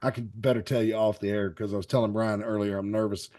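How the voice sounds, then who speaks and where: A man's voice: fairly low pitch, little pitch movement, fast talker, warm tone. Folksy man hosting a wrestling chat. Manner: folksy, rambling, jokey. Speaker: wrestling show host. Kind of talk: casual live-stream chat.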